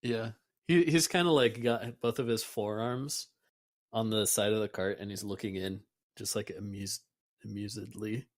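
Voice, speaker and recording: A man narrating a tabletop game as game master, casual and quick to laugh. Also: on the low side, fairly even intonation, dry recording, clean studio sound.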